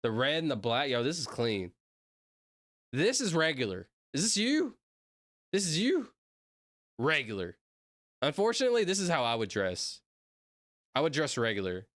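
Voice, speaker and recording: An excitable guy from the Southern United States streams himself reacting to videos, giving casual, rambling commentary punctuated by sudden shouted outbursts. His pitch is lively and his pace moderate, with long pauses. The recording is dry with clean studio sound.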